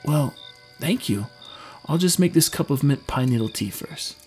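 A man's voice: a little high, expressive, normal speed, a little mellow, soft background music, close to an everyday voice. A man voicing an earnest young human traveler who speaks plainly and politely. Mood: calm. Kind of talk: audiobook character voice.

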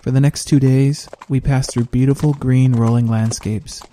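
A man narrates a fantasy audiobook in a steady, measured first-person reading. His voice is mellow and dark in tone, sitting at an ordinary pitch, with a faint background hiss.

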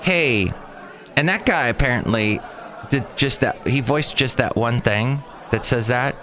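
A man's voice: mid-range voice, a little slow, sharp tone, a faint crowd. A man hosting a solo podcast, talking in a rambling, jokey way that drifts from topic to topic. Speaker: podcast host.

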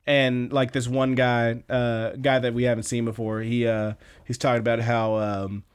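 A man's voice: mid-range voice, flat delivery, normal speed, clean tone. A man hosting a podcast, casually retelling anime episodes with lots of fillers. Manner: rambling, filler-heavy retelling with quoted lines. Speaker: podcast host. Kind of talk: casual anime recap chat.

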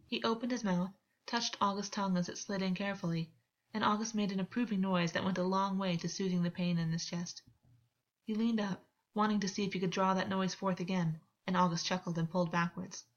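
A woman reading fan fiction aloud, with calm, steady storytelling. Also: mid-range voice, lo-fi sound. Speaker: audiobook reader.

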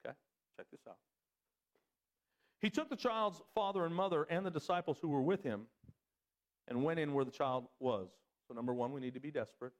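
Pastor, man, mid-high voice, lively sermon delivery with big pitch jumps. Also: fairly quick, long pauses. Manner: animated preaching, swings pitch up for emphasis.

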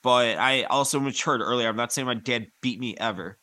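A man speaks in a middle register with a bright, forceful tone, telling blunt stories full of swearing. He co-hosts a relaxed podcast chat. The sound is dry and close. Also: medium pitch, brisk, no room sound. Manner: blunt, profane anecdotes. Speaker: podcast co-host. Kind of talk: casual chat.

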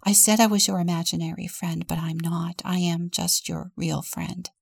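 A woman voicing a shy, gentle boy ghost from a storybook, speaking softly and hushed. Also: lowish voice, level tone, normal speed, creaky, breathy edge, no room sound, exaggerated voice.

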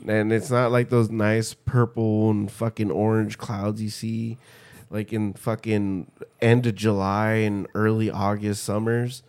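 A man's voice: fairly low pitch, flat delivery, unhurried, a little mellow, smooth. A young man co-hosting a casual podcast, telling rambling, profane stories and acting out quotes. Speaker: podcast co-host.

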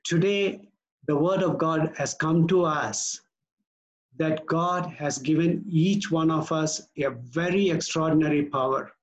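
A man preaching a sermon as pastor, earnest and measured, slowing down to stress key words. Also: on the high side, poor audio.

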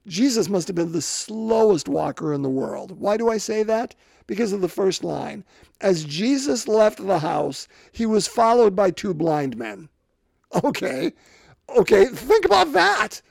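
A man preaching a homily in a fairly high, gravelly voice. He rambles and breaks off mid-thought, mixing in jokes. The recording is dry and close. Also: a little mellow, no echo. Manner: rambling, self-interrupting, joking. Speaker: priest.

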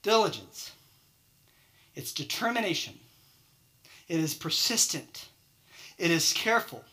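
Guy preaching a sermon, lively, lots of questions, bright voice. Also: very high-pitched. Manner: animated, rhetorical questions, acts out quoted excuses. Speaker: pastor.

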